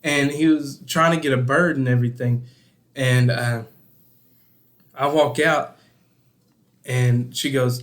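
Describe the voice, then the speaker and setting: A man's voice: medium pitch, steady tone, slow pace, long pauses, fairly bright tone. A young man casually telling a story on a podcast, laughing a lot and acting out other people's lines. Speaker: podcast co-host.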